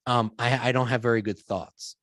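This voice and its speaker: A man's voice: medium pitch, moderate pace, no echo. A middle-aged man talks casually as a podcast guest on his own show, telling stories with energy. He jumps into quoted voices as he goes. His voice sits close and dry, with no room around it. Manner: animated storytelling, acts out quoted voices. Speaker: podcast host being interviewed. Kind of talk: casual conversation.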